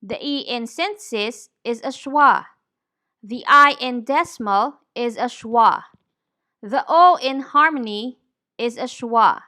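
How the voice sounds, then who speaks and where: A woman teaching English pronunciation, saying each word deliberately and clearly. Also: a little high, bright, forceful tone. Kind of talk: slow, careful pronunciation lesson.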